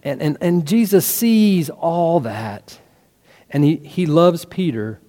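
A man's voice: fairly high pitch, expressive, slow, mellow. A male pastor preaching a sermon, earnest and full of rhetorical questions. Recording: hall reverb.

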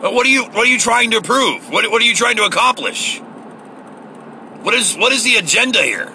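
A man's voice: high voice, animated, a little fast, vocal fry, pushed and bright, a little hiss or hum, low-quality recording. A man giving a heated, profane, sarcastic political rant, recorded in a car. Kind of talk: ranting political monologue.

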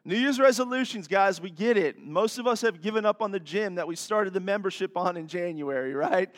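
Male pastor, folksy and chatty, high voice, long church reverb. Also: brisk. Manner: folksy, chatty, audience asides. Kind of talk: sermon with jokes. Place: church sanctuary.

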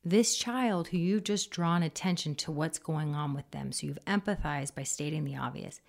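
A woman giving parenting advice in casual conversation, animated and often acting out soft, low quoted voices. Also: normal speed, vocal fry. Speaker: parenting expert.

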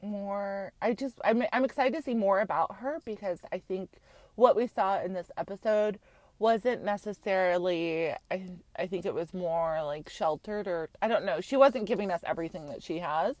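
A young woman from Utah chats casually as a podcast host. She rambles frankly and swears freely. Her voice sits at a middle pitch and sounds dry and close to the mic. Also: moderate pace, a little mellow, no room sound. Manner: chatty and frank, full of fillers and swearing. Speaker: podcast host recapping a reality show. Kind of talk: casual chat.

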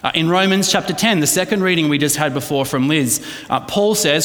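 A man's voice: a little high, a little fast, hardly any pauses, a bit bright, long reverb tail. A man preaching a conversational sermon, often checking in with his listeners. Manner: conversational, asks the congregation "right?" often. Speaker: pastor.

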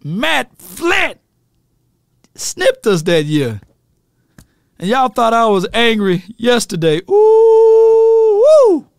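A man's voice: high voice, sing-song, slow, vocal fry, pauses often, fairly bright tone, dry recording, studio quality. A man ranting animatedly about football as a fan commentator, laughing at himself.

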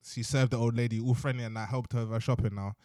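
A young man telling a story in casual chat, lively and slangy, often tagging lines with "innit". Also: mid-range voice, fast talker, no room sound, studio quality. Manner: animated, slangy, repeats "innit" and "you know what I mean".

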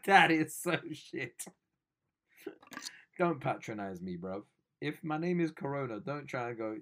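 A man's voice: mid-range voice, expressive, a little slow, gravelly, long pauses, a bit bright. A young man, riffing sarcastically on news stories as host of a comedy show. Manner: joking, sarcastic, slangy.

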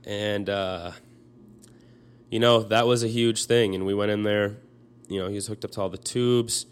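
A young man telling a personal story in a halting way, full of fillers and restarts, choked up as he speaks. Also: fairly low pitch, steady tone, clean tone.

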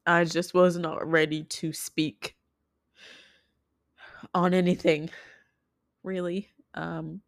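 Young woman, personal vlog, heartfelt, halting, lowish voice, dry close sound. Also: vocal fry, dry recording. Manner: heartfelt, halting, many restarts. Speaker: vlogger.

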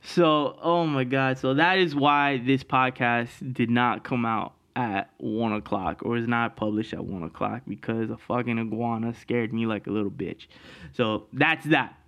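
A man's voice: medium pitch, a little slow, a bit bright, highs cut off. A man hosting a podcast, telling a story in a casual, profane way and laughing through it. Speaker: podcast host.

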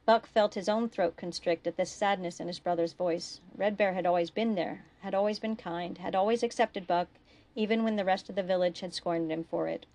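A woman reading her own fiction aloud in a steady, expressive storytelling voice. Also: lowish voice, fairly quick.

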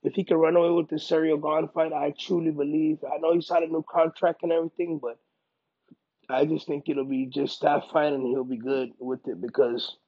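A man's voice: on the high side, moderate pace, slightly rough, no echo, highs cut off. A man, a fighter being interviewed, talking casually and emphatically, repeating his points. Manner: emphatic, repeats himself, bursts into loud excited quoting.

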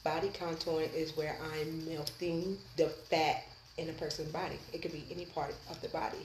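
Laid-back woman with a deep voice talking about her business, echoey room. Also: flat delivery, moderate pace, a little hiss or hum. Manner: laughing, easygoing and chatty. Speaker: guest, massage therapist and business owner. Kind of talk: casual podcast interview.

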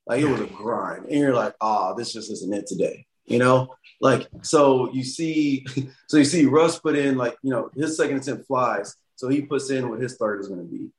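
A man's voice: mid-range voice, moderate pace, roomy sound, a little hiss or hum. A man guesting on a podcast, chatting casually with lots of "like" fillers. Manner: relaxed, filler-heavy, lots of "like".

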